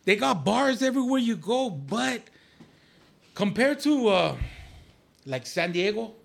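High gravelly man telling stories. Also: measured pace. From Arizona. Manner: animated, laughing, acts out quoted voices. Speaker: podcast guest. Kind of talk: casual storytelling chat.

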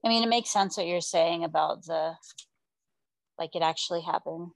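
A woman's voice: lowish voice, normal speed, low-quality recording. A woman taking part in a casual Bible study discussion, offering her thoughts tentatively. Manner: tentative, hesitant.

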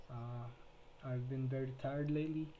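Profane, mellow-voiced Filipino teen host. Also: male voice, mid-range voice, a little hiss or hum, poor audio. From Philippines. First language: Tagalog. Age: late teens. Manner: heavy swearing, rambling with restarts. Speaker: podcast host. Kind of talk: casual solo podcast rambling.

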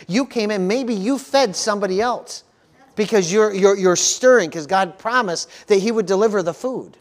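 A male pastor preaching a sermon at a church service, earnest and repetitive, often stopping to ask the congregation for an amen. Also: sits high. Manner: earnest preaching, frequent call-outs for "amen", repeats words.

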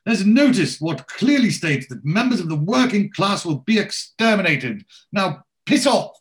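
A man's voice: high-pitched, big pitch swings, moderate pace, voice pushed up. A man putting on a pompous, mock-aristocratic posh to play a character scaring off intruders. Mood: mock-haughty.

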